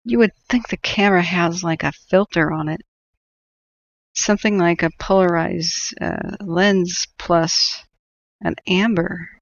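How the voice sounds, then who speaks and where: A sardonic woman hosts a live wildfire-tracking stream, rambling through her commentary and laughing often. Her voice has a gravelly fry. The sound is dry and close, with dull, lo-fi audio. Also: on the low side, steady tone, unhurried, dry recording. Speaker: wildfire-tracking livestream host.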